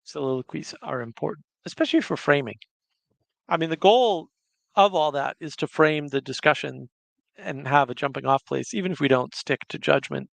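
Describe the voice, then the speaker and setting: Gravelly man hosting a casual livestream. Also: a little high, expressive, normal speed, no echo. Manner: chatty, reads viewer comments aloud. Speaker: livestream host.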